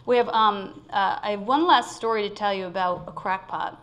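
A woman's voice: medium pitch, moderate pace, a bit bright. A woman giving an informal spiritual sermon, conversational and laughing often as she tells a story. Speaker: spiritual speaker.

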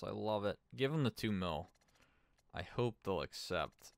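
A man's voice: lowish voice, lively intonation, unhurried, vocal fry, dry recording. A man giving casual gameplay commentary as a streamer, thinking aloud and chatting with his viewers. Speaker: gaming streamer.

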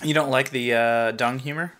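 A man's voice: mid-range voice, fairly even intonation, moderate pace, a bit bright. A man co-hosting a casual podcast in an upbeat way, reading out episode facts and laughing often. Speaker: podcast co-host.

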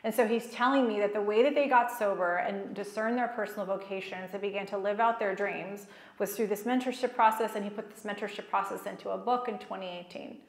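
A woman giving a personal, storytelling talk at a faith gathering, lively and self-mocking, often laughing at herself. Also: medium pitch, a little fast. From child of Egyptian parents, raised in America. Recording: echoey hall.

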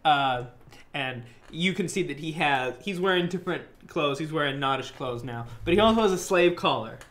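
A man's voice: fairly high pitch, lively intonation, normal speed, a bit bright. A man narrating as game master of a tabletop game, in casual, filler-heavy narration.

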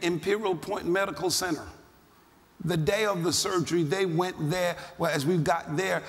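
An older man preaching a sermon as pastor, swinging between quiet storytelling and shouted fervor. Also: high-pitched, vocal fry. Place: large church hall. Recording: long hall reverb with congregation.

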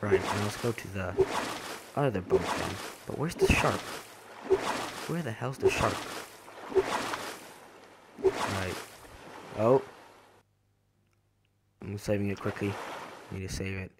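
A man's voice: on the low side, slow, pauses often. A young man casually narrating a survival game as he plays, stumbling over and repeating his words, then jumping at sudden scares. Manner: jumpy reactions to in-game scares. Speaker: gaming channel host. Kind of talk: casual let's-play commentary. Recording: voice over noisy game sound.

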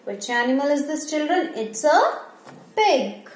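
A woman's high, sing-song voice moves a little slowly as she takes young children back over animals in class. Asking and then answering her own questions, she imitates animal sounds, recorded in an echoey classroom with faint ambient noise.

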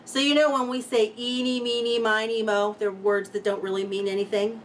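A woman's voice: fairly high pitch, level tone, moderate pace, slight background noise. A woman teaching a children's music lesson, playful and cheerful, chanting rhymes for young listeners.

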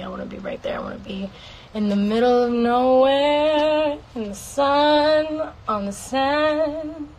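A woman's voice: mid-range voice, a little hiss or hum, rough recording. A woman singer casually answering fan questions on a livestream from home, playful and swearing freely. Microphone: phone.

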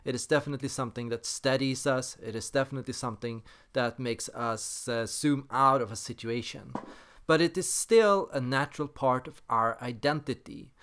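Smooth-voiced man explaining theory. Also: medium pitch, moderate pace, a bit bright. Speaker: personality theory channel host. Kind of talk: explanatory monologue.

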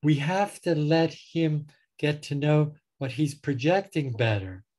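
A man's voice: on the high side, unhurried, a little mellow. A man, a psychotherapist, explaining his clinical approach through patient stories with dry humor, recorded over a video call. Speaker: psychotherapist guest.

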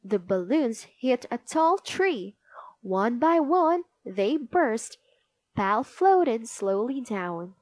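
A woman reading a children's picture book aloud, expressive and sing-song. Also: fairly high pitch, extremely slow, dry recording. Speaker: storybook reader. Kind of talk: children's read-aloud narration.

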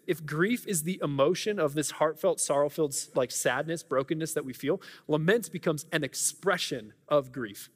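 A man preaching a sermon in a church, earnest and conversational, often restarting his sentences. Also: on the high side. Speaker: pastor. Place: church sanctuary. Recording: reverberant church hall.

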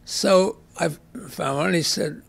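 An English man in his eighties tells his stories as a guest. His voice sits a little high and rasps with a gravelly edge. He acts out the lines of the people he remembers in a wry, anecdotal way. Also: measured pace. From England. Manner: anecdotal, wry, with dramatized quotes. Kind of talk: storytelling in a conversation.

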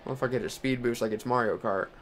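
A young Texan who hosts a gaming channel narrates his racing game aloud as he drives, quick-paced, swearing freely and ranting in frustration at rival drivers. His voice is middling in pitch, with a faint hiss of background noise.

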